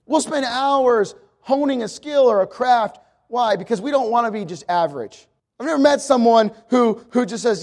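High-voiced emphatic male preacher. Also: fairly quick, darkish tone. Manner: emphatic, repetitive preaching with acted quotes. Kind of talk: sermon.

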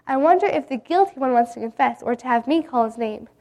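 A woman voicing a gentle but firm male schoolteacher in a read-aloud story. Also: high-pitched, lively intonation, fast.

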